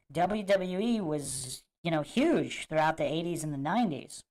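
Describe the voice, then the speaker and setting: A man with a slightly high, somewhat mellow voice hosts a livestream commentary show. He chats casually with viewers and reacts to clips, musing emphatically and repeating his points.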